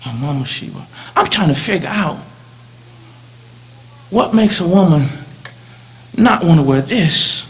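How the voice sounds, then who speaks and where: High-voiced dramatic male preacher. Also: animated, a little slow, pauses often. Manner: dramatic, swings from loud to hushed, first-person storytelling. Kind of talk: sermon.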